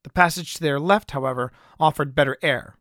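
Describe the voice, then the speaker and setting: A man narrating his own adventure story in an even, measured way, recorded close to a studio mic. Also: fairly high pitch, dry recording. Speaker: author and narrator. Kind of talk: scripted audiobook narration.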